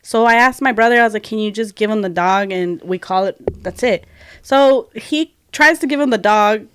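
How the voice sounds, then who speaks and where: A woman's voice: mid-range voice, moderate pace, clear, resonant tone, no room sound. A young woman co-hosting a podcast, telling a personal story in casual chat, acting out quotes and dropping in Spanish words. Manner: animated, acts out quotes, mixes in Spanish words. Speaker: podcast co-host.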